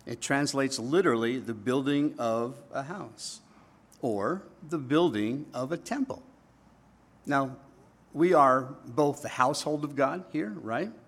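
A man preaching a sermon as a pastor, teaching from scripture in an animated way and often checking in with the congregation. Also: medium pitch, a little slow, slightly rough.

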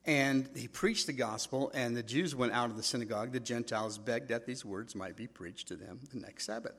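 A middle-aged man with a husky voice, preaching a sermon in a conversational way, telling stories and acting out quotes. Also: mid-range voice, a little fast, few pauses, fairly bright tone. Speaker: pastor.

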